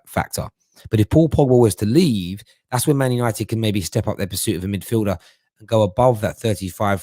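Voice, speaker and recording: A middle-aged man hosts a live stream in a casual, chatty way, often tripping over and repeating words mid-thought. His voice sits fairly low, and the recording is dry and close with little room sound. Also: a little mellow, dry recording. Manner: chatty, stumbles and repeats words while thinking. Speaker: host of a football fan live stream. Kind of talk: casual live-stream chat reading viewer comments.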